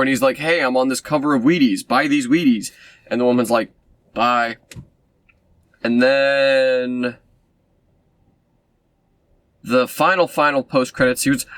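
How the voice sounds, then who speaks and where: A man's voice: mid-range voice, fairly bright tone, no echo. A man casually recapping a film he reviews, sarcastic and rambling with lots of fillers and asides. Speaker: movie reviewer.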